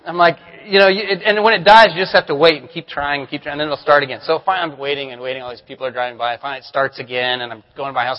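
A man's voice: fairly high pitch, rapid-fire, few pauses, sharp tone, in a large hall, poor audio. A male pastor giving a sermon, telling candid stories about himself with self-deprecating humor. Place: church sanctuary.

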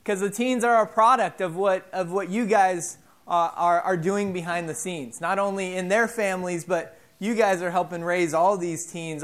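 A man in his thirties giving an informal sermon, telling stories in a halting way with many fillers and restarts. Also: high voice. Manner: animated, self-deprecating storyteller. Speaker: preacher.

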